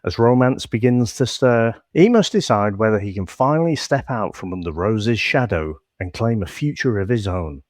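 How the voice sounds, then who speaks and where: Give me a man with a lively, varied pitch reading a film synopsis steadily. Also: moderate pace, hardly any pauses, no echo, clean studio sound. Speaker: podcast co-host.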